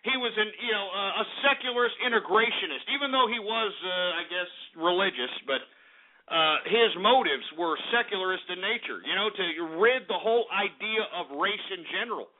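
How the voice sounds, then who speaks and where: A man's voice: sits high, a little fast. A man hosting a call-in talk radio show, ranting in a combative, profane way. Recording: tinny phone-like radio audio.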